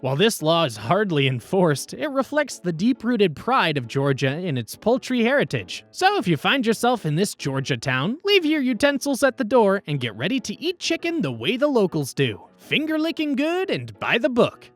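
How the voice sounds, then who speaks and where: A woman's voice: medium pitch, big pitch swings, moderate pace, few pauses, soft background music. A woman narrating a scripted explainer in a playful, upbeat storytelling way, with wry asides.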